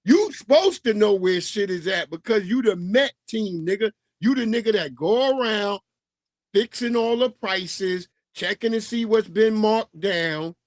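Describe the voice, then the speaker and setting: A man hosting a livestream, telling stories in a casual, profane, animated and mocking way. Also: high-pitched, no echo. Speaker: livestream host. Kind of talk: casual storytelling rant.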